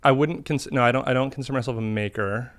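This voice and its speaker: A man being interviewed about his art, speaking in a thoughtful, halting way with frequent restarts. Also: mid-range voice, steady tone, fairly bright tone. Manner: thoughtful, halting, self-correcting. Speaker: interview guest, artist. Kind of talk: casual interview.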